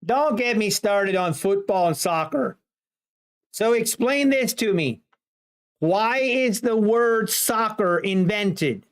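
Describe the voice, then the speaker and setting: A woman's voice: medium pitch, lively intonation, slow pace. A woman streamer chatting casually to her viewers, ranting in mock exasperation. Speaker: livestreamer. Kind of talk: casual livestream chat.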